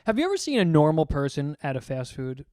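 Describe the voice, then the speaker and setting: Young guy, smooth clear voice, a bit higher pitched, joking around on a podcast, dry close mic. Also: wildly swooping pitch, fast, a little mellow, no echo. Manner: loose, joking, swears casually. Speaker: podcast co-host. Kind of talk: casual chat.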